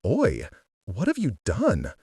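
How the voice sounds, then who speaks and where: A man's voice: fairly low pitch, wildly swooping pitch, moderate pace, slightly rough, no echo, clean studio sound, full character voice. A man voicing a teasing, bossy teenage girl who hollers and jokes, in a storybook reading. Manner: loud, teasing.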